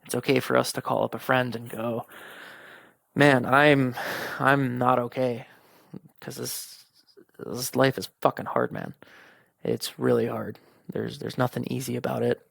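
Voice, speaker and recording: Young man, gravelly fry-heavy voice, dry close sound, candid casual podcast monologue. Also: medium pitch, fairly even intonation, moderate pace, no room sound. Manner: candid and informal, swears, quotes friends. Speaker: podcast host. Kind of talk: personal monologue.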